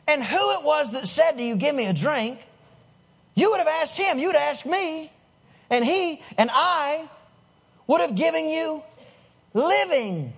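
A man doing a solemn, measured teacher. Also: very high voice, vocal fry, a bit bright, slightly rough, heavily acted. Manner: slow, measured, solemn declarations. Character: calm, authoritative male teacher speaking slowly.

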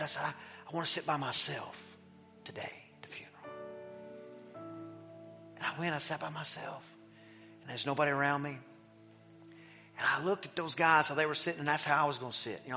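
A middle-aged man preaching in a church, telling a personal story in an animated way that swings between loud emphasis and hushed, quiet passages. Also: a little high. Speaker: pastor. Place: church sanctuary. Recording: long hall reverb with faint music.

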